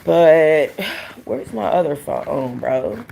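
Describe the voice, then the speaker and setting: Gravelly, blunt woman streamer. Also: rumbling low, moderate pace, slight background noise. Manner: blunt, profane, rambling. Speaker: livestream host. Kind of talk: casual livestream chat.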